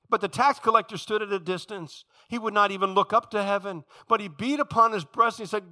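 A male preacher delivering a sermon in a church, with a high, ringing voice and a bright, forceful tone. He tells the stories in an animated way and slips into the voices of the people he quotes. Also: brisk, few pauses.

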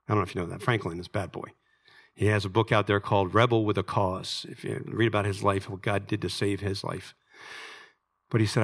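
An American man, a pastor, preaching a sermon in a church sanctuary, emphatic and building to near-shouts at his peaks. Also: mid-range voice. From United States.

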